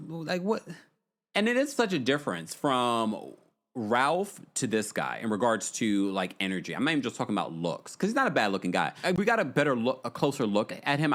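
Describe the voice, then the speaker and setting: Lively-voiced man recapping reality TV. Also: on the high side. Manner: chatty, reads viewer comments aloud and reacts. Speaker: recap show host. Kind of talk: casual livestream recap chat.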